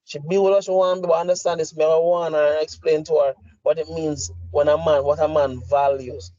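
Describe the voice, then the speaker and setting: A man's voice: fairly high pitch, little pitch movement, fairly quick, warm tone. A middle-aged man with a Jamaican accent, a podcast co-host delivering a heated, profane, emphatic rant. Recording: dry, slightly muffled lo-fi audio.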